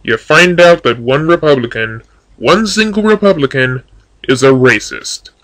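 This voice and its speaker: A man's voice: mid-range voice, animated, a little slow, fairly bright tone, slight background noise, rough recording. A man giving casual commentary on a video, answering its claims in a dry, sarcastic way. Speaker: YouTube commentator.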